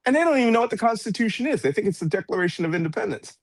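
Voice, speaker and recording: A man's voice: high voice, very animated, racing, hardly any pauses, husky, no room sound. A man speaking as a political commentator guest in an interview, blunt and sarcastic, with mocking asides. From United States. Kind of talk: heated political interview talk.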